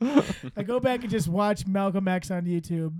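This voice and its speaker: A man's voice: high-pitched, normal speed, a little mellow, no room sound. A man co-hosting a podcast, bantering casually and joking with restarts and laughs. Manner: jokey, laughing, restarts a lot. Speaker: podcast co-host.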